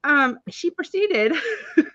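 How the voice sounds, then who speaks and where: A woman hosting a live stream who tells casual stories in an animated, chatty way, with many filler words and frequent laughter. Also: sits high, slow, no room sound. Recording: dull, dry, lo-fi stream audio.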